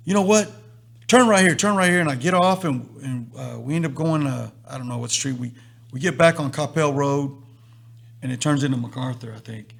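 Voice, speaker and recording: A man's voice: on the high side, creaky, breathy edge. A man hosting a live stream, telling a long story and acting out the lines of the people in it. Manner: animated storyteller acting out quotes. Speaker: host.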